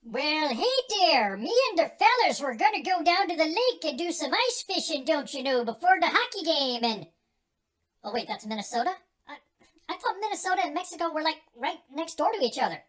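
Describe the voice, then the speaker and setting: A man's voice: extremely high pitch, big pitch swings, fast, fairly bright tone, heavily acted. A man voicing a stoned male party guest who slurs and tries silly accents. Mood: goofy.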